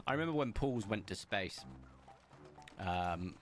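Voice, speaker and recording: Speaking slowly but expressively, a young man keeps up casual commentary as he plays a game on stream from a room at home with the window open. His lowish voice is fairly bright, he jokes at his own expense while chatting with viewers, and faint music plays behind him.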